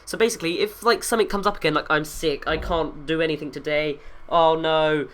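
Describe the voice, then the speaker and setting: A man's voice: on the high side, fast talker, a bit bright, a little hiss or hum. A young man closing his video with a rambling, self-correcting, jokey chat to his viewers while just over an illness. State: recovering from illness. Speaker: YouTube video host. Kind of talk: casual rambling outro to viewers.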